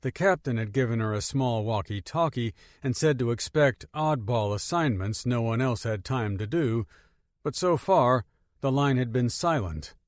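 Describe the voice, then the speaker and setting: Male audiobook narrator, lively pitch, dry close mic. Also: normal speed, no room sound. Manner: expressive storytelling. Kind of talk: scripted narration.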